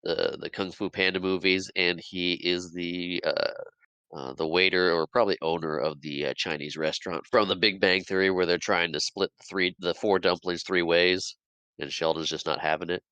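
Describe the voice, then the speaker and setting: A man's voice: sits low, steady tone, normal speed, sharp tone, clear, resonant tone, no echo. A man co-hosting a movie podcast who laughs often and playfully disagrees. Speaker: podcast co-host. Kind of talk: casual movie chat.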